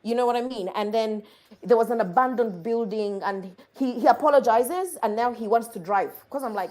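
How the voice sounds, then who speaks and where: Woman from uganda, earnest, halting, lots of restarts and fillers, telling her own story. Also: on the high side. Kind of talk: personal story in a conversation.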